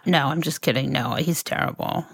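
A woman's voice: very deep voice, moderate pace, creaky, slightly rough, dry recording. A woman co-hosting a podcast in casual chat, blunt and sarcastic, swearing freely. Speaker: podcast co-host.

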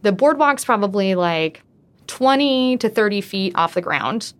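A woman's voice: mid-range voice, expressive, a little slow. Casual woman telling a true story. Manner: conversational, frequent "like" fillers.

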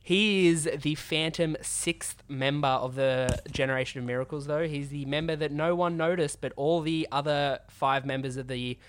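Man, podcast host, raspy from a cold, sore throat, enthusiastic casual chat. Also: on the high side, normal speed, hardly any pauses. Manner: enthusiastic, gushing.

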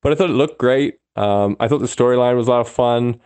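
A man's voice: medium pitch, fast, a little mellow, smooth, no room sound. A man from Chicago, a caller leaving an easygoing, rambling recorded message.

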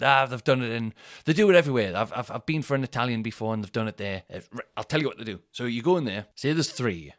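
A man's voice: medium pitch, fairly bright tone, no room sound, studio quality. A man, a comedian chatting alone on his podcast in a rambling, self-mocking way with plenty of swearing. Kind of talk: casual solo podcast chat.

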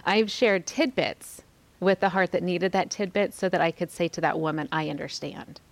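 A woman in her forties, a podcast host, reflectively sharing a personal faith testimony with a women's group, often pausing and dropping to a hushed near-whisper. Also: lowish voice, no room sound. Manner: reflective, soft-spoken, pauses often.

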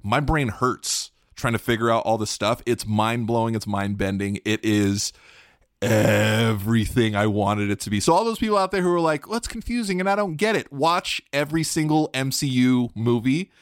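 A man co-hosting a podcast, chatting in an excitable, animated way and acting out playful quotes. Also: medium pitch, normal speed, dry recording, studio quality. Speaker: podcast co-host. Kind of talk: casual chat.

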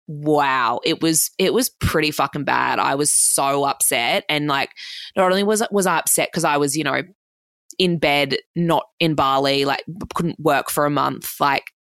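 A woman's voice: deep voice, creaky, a bit bright, dry recording. A woman in her twenties with an Australian accent tells a long story casually, swearing freely and stringing thoughts together with "like". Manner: swears freely, fast run-on anecdote full of "like".

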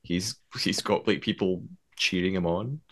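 A man's voice: sits low, measured pace, fairly bright tone. Scottish man chatting on a podcast. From Scotland. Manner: laughs easily, hesitant restarts. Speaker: podcast co-host. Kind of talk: casual chat.

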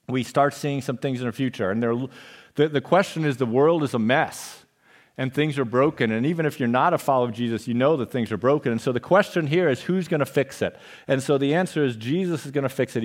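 A man preaching a sermon as pastor of a church, conversational with playful, joking asides. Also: mid-range voice.

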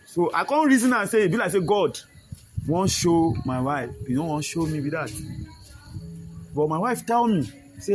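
A man's voice: a little high, lively intonation, normal speed. A man with a Nigerian accent speaking emotionally and repetitively in street talk, pleading with his listeners. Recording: loud music behind the voice. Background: music.

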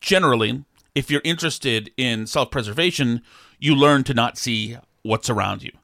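A man's voice: medium pitch, normal speed, creaky, pushed and bright, no echo, clean studio sound. A middle-aged man hosting a podcast, telling a rambling, jokey story with many restarts in casual chat. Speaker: podcast host.

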